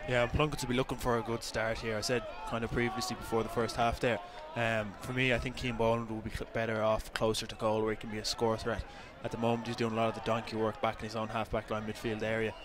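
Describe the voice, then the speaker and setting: Fast-talking Irish co-commentator. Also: male voice, on the low side, flat delivery. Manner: fast, analytical with fillers. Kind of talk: live match analysis. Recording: noisy outdoor stadium feed.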